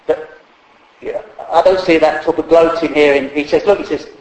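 A man's voice: on the high side, fairly even intonation, quick pace, darkish tone. A man preaching a sermon in a humorous, conversational way, acting out quotes along the way. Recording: echoey hall.

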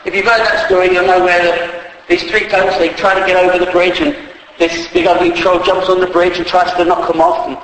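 A man's voice: high voice, flat delivery, brisk, a bit bright. A man preaching a sermon with emphasis, spelling words out and acting out believers' doubting voices. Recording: echoey hall with faint ambience.

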